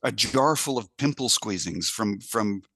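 A man's voice: fairly low pitch, animated, a little slow, fairly bright tone, no room sound. A man co-hosting a casual comedic podcast, telling rambling stories and laughing as he goes. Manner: rambling storyteller, laughs mid-story. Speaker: podcast co-host.

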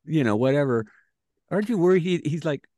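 A man co-hosts a loose podcast chat, cutting in with teasing questions. His voice sits a little high and swings widely in pitch. The sound is dry and close. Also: expressive, fairly quick, a little mellow, dry recording. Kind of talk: casual chat.

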